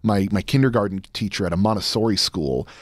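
A young man chatting as a podcast guest, excitable and rambling, full of restarts and fillers. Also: lowish voice, quick pace, slightly rough, dry recording. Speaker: guest, audio drama creator. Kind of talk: casual chat.

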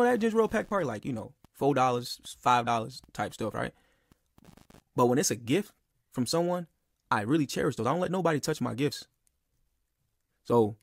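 A man's voice: medium pitch, vocal fry, dry recording, clean studio sound. A young man telling a personal story in a casual, rambling and heated way, with lots of "bro" and "like.". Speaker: podcast speaker.

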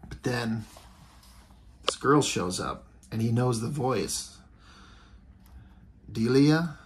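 A man's voice: mid-range voice, lively intonation, slow pace, slight background noise. A man casually reviewing a comic book, rambling along with lots of ums and restarts. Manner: rambling, filler-heavy.

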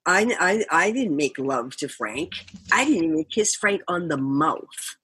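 An older woman from the Boston area, a musician guest telling an animated story, laughing often and acting out quotes. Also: deep voice, a little slow, husky. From Boston area, USA. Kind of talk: storytelling interview.

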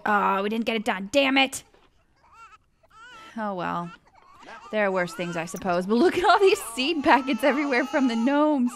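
A woman's voice: medium pitch, expressive, a little fast, slight background noise. A young woman hosting a casual let's-play, chatting animatedly with her viewers while she plays. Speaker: gaming channel host.

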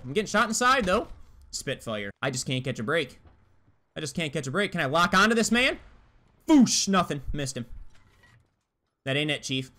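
A man's voice: on the high side, pushed and bright. A young man giving live gameplay commentary, trash-talking opponents in a hyped, slangy way. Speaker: gaming YouTuber.

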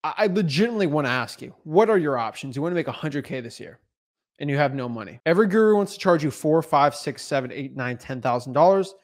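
Young man, real estate coach, boastful, emphatic, rapid-fire delivery, slightly high pitch. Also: animated. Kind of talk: fired-up persuasive pitch.

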